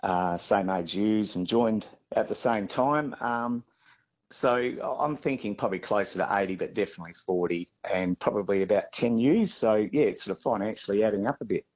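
A man with an Australian accent, a farmer being interviewed, talking haltingly with many fillers and restarts. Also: on the low side, darkish tone, muffled recording.

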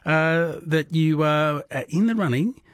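A middle-aged Australian man hosts a late-night radio quiz, talking in a chatty, relaxed way. His voice sits slightly high and sounds dry and close on a studio mic. He fills his sentences with easy fillers. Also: a little slow, no room sound. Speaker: radio host. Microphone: studio microphone.

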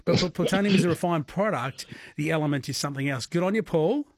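Husky Australian male radio host. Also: on the high side, quick pace, no echo, studio quality. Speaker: overnight radio quiz host. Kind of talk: casual talkback radio.

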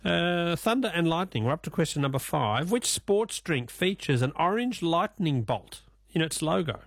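A man's voice: fairly high pitch, big pitch swings, normal speed, creaky, dry recording, studio quality. A man with an Australian accent hosting a casual radio quiz, joking and laughing with callers. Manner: jokey, laughs often, teasing callers.

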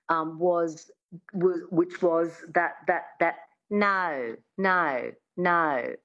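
Chatty woman dialect coach, muffled line. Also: lowish voice. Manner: chatty, lots of fillers and restarts. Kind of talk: interview guest explaining accent work.

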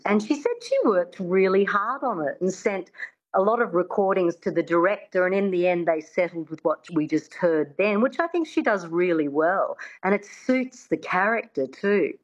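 Lowish-voiced woman accent coach. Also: lo-fi sound. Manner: chatty, explanatory, fond of filler words. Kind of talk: radio interview.

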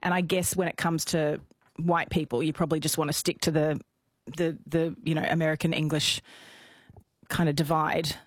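A woman's voice: low-pitched, little pitch movement, normal speed, dry recording. An opinionated Australian woman on a radio panel, arguing her points with frequent laughs. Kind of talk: casual radio chat. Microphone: studio microphone.

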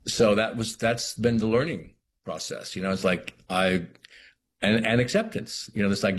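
Middle-aged man, very low register, reflective and halting; faint background ambience. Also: slight background noise. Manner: thoughtful, halting, many restarts. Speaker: actor, interview guest. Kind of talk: reflective interview talk.

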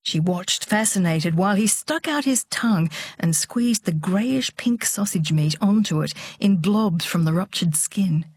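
A woman narrating an audiobook in a steady, measured storytelling voice. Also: medium pitch, husky, dry recording, studio quality.

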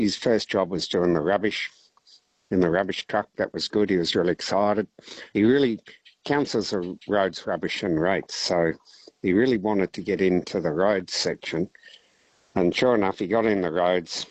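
An Australian man calling in to a radio show, telling a long joke in a relaxed, rambling way. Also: low-pitched, dry recording, rough recording. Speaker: caller.

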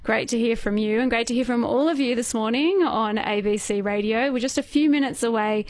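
A woman's voice: on the high side, brisk, dry recording. Chatty Australian woman radio host. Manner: chatty, reactive. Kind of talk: casual radio banter. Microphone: studio mic.

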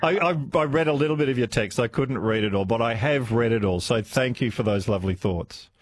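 A man's voice: medium pitch, brisk. A man hosting talkback radio, chatting with callers in a laughing, friendly way. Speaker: radio host.

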